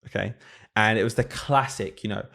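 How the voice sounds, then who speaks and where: A man's voice: on the low side, moderate pace, vocal fry. A young man, a podcast co-host and teacher, telling a story in a casual chat and laughing often. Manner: animated storyteller, laughs a lot.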